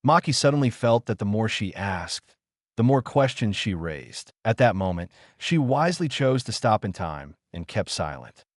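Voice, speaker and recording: Guy narrating an audiobook, low voice, lots of ups and downs, dry sound. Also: big pitch swings, normal speed, no echo.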